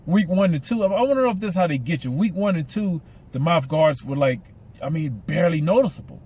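Fast and expressive, this Southern American podcast host rambles in a casual solo monologue, repeating words and lisping a little from his mouth aligners. His voice is fairly high, husky, and darkish in tone.

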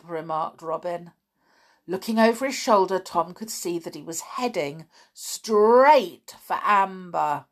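A woman reading a children's storybook aloud with slow, dramatic, expressive delivery. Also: mid-range voice. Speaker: narrator.

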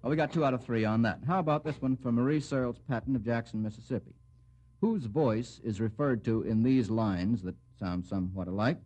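A man's voice: mid-range voice, a little fast, a little mellow. A man hosting a radio quiz show, genially quizzing the panelists by name and adding wry remarks. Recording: muffled 1940s radio broadcast.

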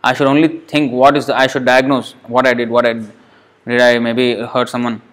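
A man's voice: mid-range voice, level tone, normal speed. A man preaching a devotional sermon, telling stories with rhetorical questions, restarts and emphatic scolding passages. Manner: scolding, emphatic tone when addressing the mind.

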